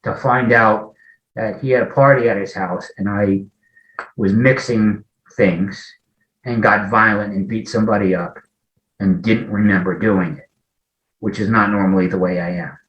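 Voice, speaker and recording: A man in his forties sharing a personal recovery story in a conversation, talking haltingly, often restarting sentences and acting out remembered dialogue. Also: lowish voice, fairly even intonation, a bit bright. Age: 40s. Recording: echoey, muffled lo-fi audio.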